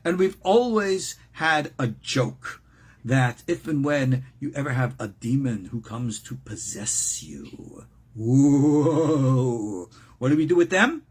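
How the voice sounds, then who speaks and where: An older man hosts a show with a medium-pitched voice that has a breathy edge. Playful and jokey, he chats casually and tends to repeat words when he gets excited.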